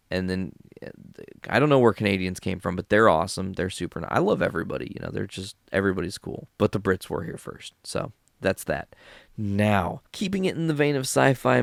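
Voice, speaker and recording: A man's voice: sits low, gravelly, no room sound, clean studio sound. A man hosting a solo podcast, ranting bluntly with heavy profanity. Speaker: podcast host.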